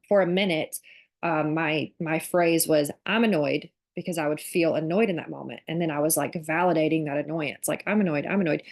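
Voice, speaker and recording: A woman hosting an online workshop for mothers, talking casually and reflectively with frequent fillers. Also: on the low side. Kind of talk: conversational online workshop talk.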